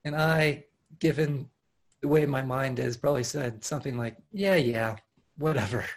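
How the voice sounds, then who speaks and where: A man teaching meditation at an online retreat, speaking earnestly and with animation, often restarting his phrases and laughing softly. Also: mid-range voice, steady tone, normal speed, vocal fry. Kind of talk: dharma talk at an online retreat. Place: home, over a video call.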